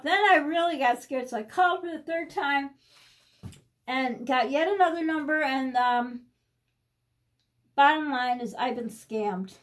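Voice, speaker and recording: High-voiced rambling woman vlogger. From United States. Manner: rambling and anxious, restarting sentences. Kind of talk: casual personal vlog.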